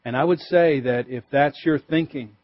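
A male pastor preaching a sermon, emphatic, pushing his voice up for stress and dropping low and quiet to drive points home. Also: normal speed, highs cut off. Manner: emphatic, rises and drops for stress.

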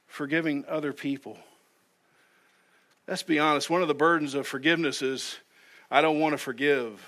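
Male pastor, sermon read, bright and forceful, slightly high voice, earnest, restarts his phrases. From United States. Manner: earnest, repeats words when starting sentences.

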